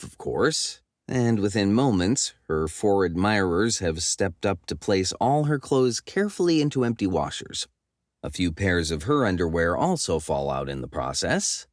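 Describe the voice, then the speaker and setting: A man's voice: sits low, dry recording, clean studio sound. A man narrating a comic fantasy audiobook in first person, wry and self-mocking.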